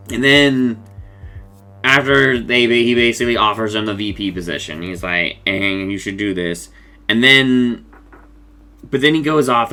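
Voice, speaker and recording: A man's voice: fairly low pitch, bright, forceful tone. A man casually recapping a cartoon episode, rambling and acting out the characters' lines, laughing often.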